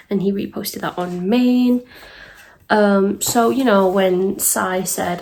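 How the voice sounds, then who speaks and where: Young woman, from the UK, casual commentary vlog, chatty, exasperated, mid-pitched voice. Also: unhurried, a little mellow. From United Kingdom. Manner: chatty, exasperated, nervous laughter, many ums. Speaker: YouTube commentator.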